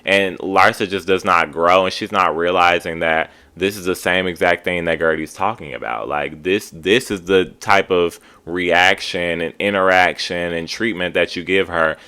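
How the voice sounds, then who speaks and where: A man's voice: low voice, fairly even intonation, moderate pace, few pauses, sharp tone, clear, resonant tone. A man hosting a casual TV recap, talking in a chatty, opinionated way and saying "like" a lot. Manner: chatty, opinionated, heavy use of "like". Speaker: TV recap host.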